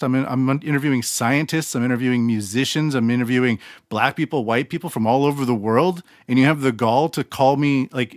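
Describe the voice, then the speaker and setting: Blunt rambling Canadian podcast host. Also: male voice, medium pitch, no echo, studio quality. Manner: rambling, blunt, self-deprecating. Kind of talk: casual solo monologue.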